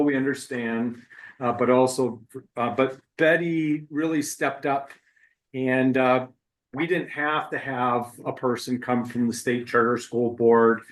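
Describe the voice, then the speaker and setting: A man chairing a board meeting, speaking haltingly with many uhs. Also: mid-range voice, steady tone, poor audio. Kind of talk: thanking remarks at a meeting.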